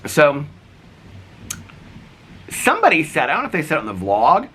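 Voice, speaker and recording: A man vlogging, telling neighborhood stories in a rambling, animated way full of fillers. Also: on the high side, moderate pace, slight background noise. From United States. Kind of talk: casual storytelling.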